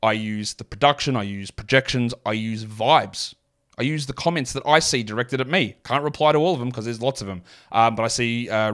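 Stat-rattling Australian podcast host. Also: male voice, mid-range voice, fairly bright tone. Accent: mild Australian. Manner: rapid stat-heavy delivery with asides. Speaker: fantasy basketball podcast host. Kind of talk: solo podcast analysis.

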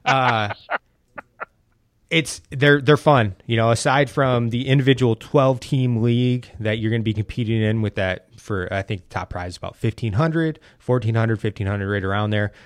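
A man hosting a casual sports podcast, rambling and animated with frequent restarts. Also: medium pitch, normal speed, dry recording. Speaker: podcast host.

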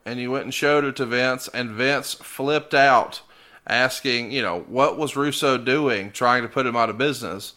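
During a relaxed podcast interview, the host reads out a book's claims and asks about them, clearly incredulous. His mid-range voice sounds pushed and bright.

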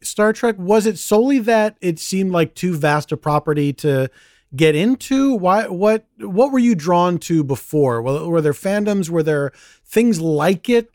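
A woman's voice: on the low side, darkish tone, no echo, clean studio sound. A woman hosting a podcast, asking rambling questions and laughing often. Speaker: podcast host. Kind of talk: interview questions.

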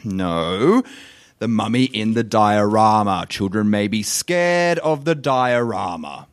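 A man plays a stiff museum spokesman holding his composure. He speaks slowly and formally, his pitch rising and falling with mounting exasperation. Nervous polite laughs slip through. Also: lively intonation, clean tone. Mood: strained polite. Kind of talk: comedy sketch acting.

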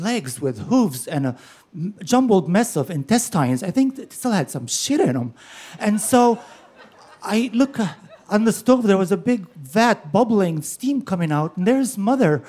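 A man in his sixties telling a personal story on stage, animated and laughing as he goes. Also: high-pitched.

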